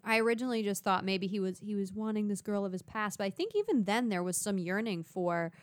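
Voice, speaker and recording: Young woman, smooth dry voice. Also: medium pitch, fast talker, no room sound. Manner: lively, laughs often, reads out questions. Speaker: discussion co-host asking questions. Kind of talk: casual book discussion.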